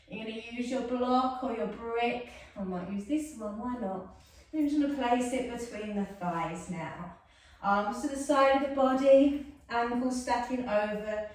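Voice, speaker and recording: A woman's voice: high-pitched, expressive, unhurried. A woman guiding a yoga class, soothing and chatty, with self-mocking asides. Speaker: yoga instructor. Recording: echoey room, mic far off.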